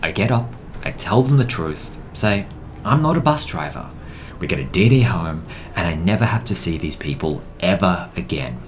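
A man's voice: deep voice, expressive, normal speed, slight background noise, voice pushed down. A man playing a weary, sighing fake bus driver in an improvised comedy audio play.

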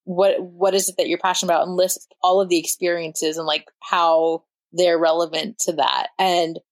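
A woman's voice: on the low side, flat delivery, moderate pace, no room sound. Chatty woman host, dry close sound. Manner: chatty, filler-heavy with frequent "like", laughing easily. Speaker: podcast host. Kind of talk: casual podcast interview.

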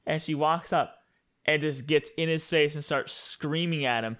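A man in casual podcast chat, telling stories in a relaxed way and acting out the people in them. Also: a little high, normal speed. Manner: relaxed storyteller, acts out quoted voices.

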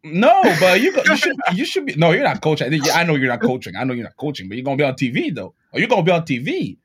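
A man hosting a casual podcast interview, excitable and profane, often stammering over repeated words. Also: on the high side, rapid-fire, breathy edge. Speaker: podcast host.

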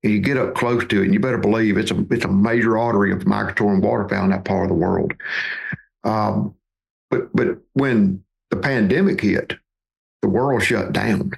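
Gravelly man in his fifties. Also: fairly low pitch, steady tone, normal speed. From Mississippi, USA. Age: 50s. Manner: folksy, repeats words as he restarts. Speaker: podcast guest, duck hunting outfitter. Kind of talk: conversational storytelling.

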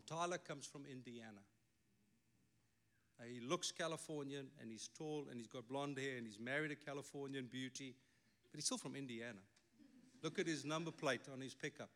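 With a medium-pitched, fairly bright voice, this middle-aged pastor preaches emphatically and tosses in wry asides. He has a South African accent and speaks Afrikaans as his first language.

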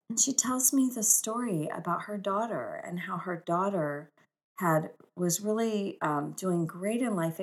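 Gravelly low-voiced woman telling stories. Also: a bit bright. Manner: earnest, emphatic, stacks repeated phrases. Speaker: author. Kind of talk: inspirational storytelling monologue.

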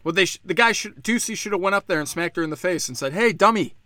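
A man's voice: high-pitched, fast, pushed and bright, no room sound. Profane, mocking ranting man, dry sound. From Pennsylvania. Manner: sarcastic rhetorical questions. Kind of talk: solo political rant.

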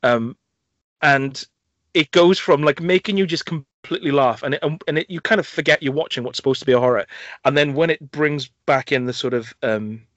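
A man's voice: fairly high pitch, brisk, a bit bright, no room sound. A young man hosting a film podcast, retelling scenes with enthusiasm, full of fillers and restarts. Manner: enthusiastic, rambling storyteller with many fillers and restarts. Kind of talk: casual chat reviewing films. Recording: dull, lo-fi, dry sound.

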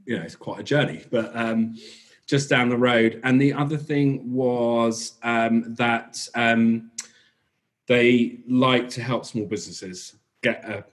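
Rambling English bakery owner in conversation. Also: male voice, medium pitch, slow pace. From England. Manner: rambling, filler-heavy, self-correcting. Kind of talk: casual interview chat.

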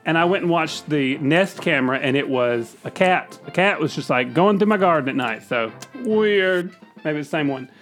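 A man's voice: fairly high pitch, animated, normal speed, a bit bright, soft background music. Chatty male radio co-host. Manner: chatty, filler-heavy. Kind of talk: comedic banter.

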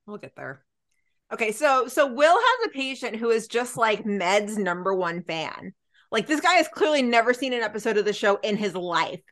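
A young adult woman co-hosting a podcast, recapping a TV episode in casual chat and acting out the characters' lines. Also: on the high side. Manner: animated, acts out characters' lines in quick voices. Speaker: podcast co-host.

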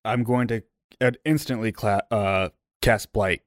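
Eager tabletop player, dry close sound. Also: male voice, fairly low pitch, fairly even intonation, unhurried, dry recording. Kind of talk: casual tabletop play.

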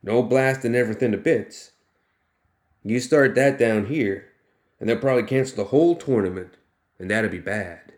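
A man's voice: medium pitch, moderate pace, natural voice. Man doing a snappish folksy little boss. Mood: scheming. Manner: folksy backwoods slang, snappish. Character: scheming little sharp-toothed male boss gambler.

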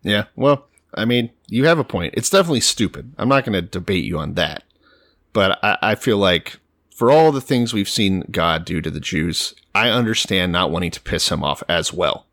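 Lively-pitched man retelling a story. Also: normal speed, no echo, clean studio sound. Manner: animated retelling with voiced asides and profanity. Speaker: podcast co-host retelling a Bible story. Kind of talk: casual comedic chat.

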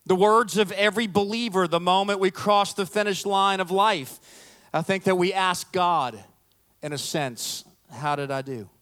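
This sermon comes from a middle-aged male pastor whose high-pitched voice sounds clear and resonant at a moderate pace. He tells stories with humor, playfully mocks himself, and animatedly acts out the speech of the people in them.

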